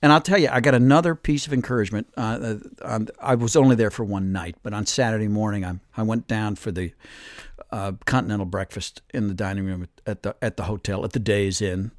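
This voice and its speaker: A man's voice: lowish voice, steady tone, fast, dry recording, clean studio sound. A man in his sixties hosting a podcast, telling stories in a chatty, rambling way with many fillers. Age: 60s. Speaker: podcast host. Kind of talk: casual podcast chat and storytelling.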